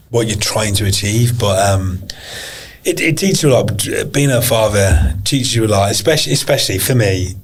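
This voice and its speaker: Blunt man, mid-pitched, swearing freely. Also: a little hiss or hum. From England. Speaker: podcast guest, pro MMA fighter. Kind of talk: casual interview chat.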